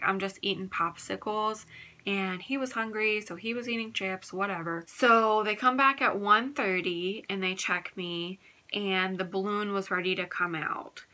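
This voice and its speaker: A woman's voice: medium pitch, pushed and bright. A young woman vlogger telling a personal story in a casual, candid way, often saying "like". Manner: chatty, candid, fills talk with "like".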